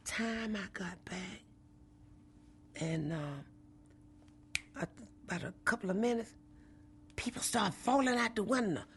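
A middle-aged mail carrier recalls a personal story in a lively, animated way and acts out what people said. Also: medium pitch, unhurried, long pauses, slight background noise. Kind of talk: personal recollection, oral history.

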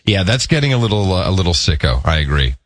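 A man from the United States co-hosting a casual chat, joking and animated, over an internet call. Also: low voice, quick pace, no room sound. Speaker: podcast co-host.

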